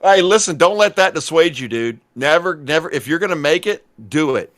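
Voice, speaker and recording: A man's voice: on the high side, animated, brisk. A man in his forties co-hosting a podcast over a call, easygoing and chatty. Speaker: podcast co-host. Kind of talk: casual chat.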